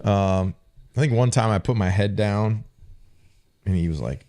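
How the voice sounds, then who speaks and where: Unhurried and warm, his lowish voice carries a laid-back chat on the podcast he co-hosts. The former football player recounts profane, sarcastic anecdotes about coaches from his past.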